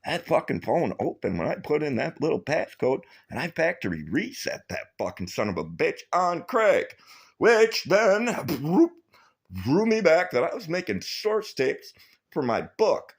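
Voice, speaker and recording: A man's voice: a little high, measured pace, vocal fry. A man telling a long, rambling story to his viewers, swearing constantly and mocking the people he quotes. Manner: profane, rambling, animated storytelling; quotes others in mocking voices. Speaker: vlogger. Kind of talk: rambling profane monologue.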